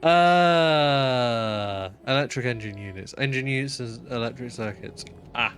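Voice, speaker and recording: A man's voice: medium pitch, measured pace, noisy background. A man streaming a game live, chatting casually while he plays. He rambles, swears freely and mocks himself.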